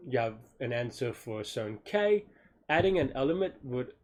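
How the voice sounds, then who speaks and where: A weary man mutters his way through a coding problem, stopping and restarting as he questions his own ideas. His voice sits at an ordinary middle pitch, and he sounds drowsy and unhurried as he thinks aloud. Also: sing-song. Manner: halting, self-questioning, many restarts and trailing off. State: tired, yawning. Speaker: programmer solving a coding problem live.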